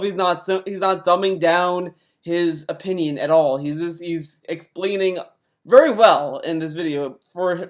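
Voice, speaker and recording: A man giving casual reaction commentary on clips he plays, rambling and restarting his sentences. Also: sits high. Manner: rambling, many restarts and fillers. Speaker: commentary youtuber.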